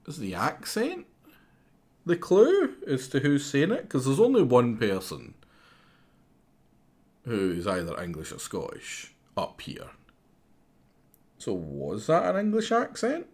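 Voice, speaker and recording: Low slow-talking guy streaming a game, mumbles then gets loud and excited, swings up and down a lot. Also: slightly rough. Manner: muttering to himself, thinking aloud, bursts of excitement. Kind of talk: live gameplay commentary.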